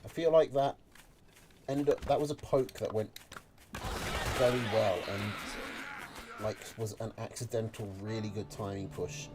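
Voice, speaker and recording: A man's voice: lowish voice, steady tone, a little slow, long pauses, background noise. A man giving casual play-by-play commentary on a strategy game, chatty and analytical, with filler words. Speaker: caster. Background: music.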